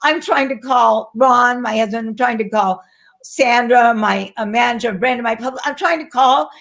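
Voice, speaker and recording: A middle-aged woman telling a story as an interview guest in casual chat, lively and acting out what others said. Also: fairly high pitch, moderate pace. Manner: animated, acts out quoted voices. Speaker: guest, actress and flight attendant.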